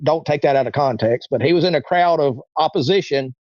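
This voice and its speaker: A man's voice: fairly high pitch, fairly quick, darkish tone, no room sound. Rambling man in his forties, dull dry sound. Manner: rambling, acts out quoted voices. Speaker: interview guest. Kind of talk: casual storytelling.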